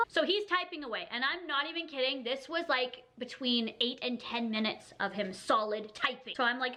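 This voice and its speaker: Young girl telling a storytime, bright voice, kinda high, lots of likes. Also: fast talker, hardly any pauses. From Canada. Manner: chatty, animated retelling, acting out quotes. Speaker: vlogger. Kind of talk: storytime vlog.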